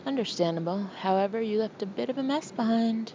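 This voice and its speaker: A woman reading a gruff, formal older man. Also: on the high side, expressive, muffled recording, background noise. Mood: understated. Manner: formal, measured, clipped. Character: older male senior lawyer, jolly, understated, gruff.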